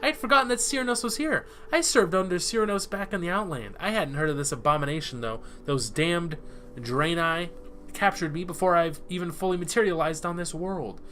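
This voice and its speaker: A man's voice: sits high, a little fast, a bit bright, a little hiss or hum. A man reading out a scornful captured male elf spy from a video game, haughty and contemptuous.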